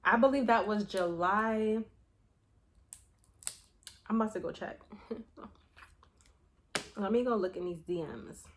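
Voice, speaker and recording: A young adult woman vlogger chatting casually to her viewers, telling a story in an animated way with slang and swearing. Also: medium pitch, takes it slowly, long pauses, slight background noise. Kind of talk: casual chat to camera.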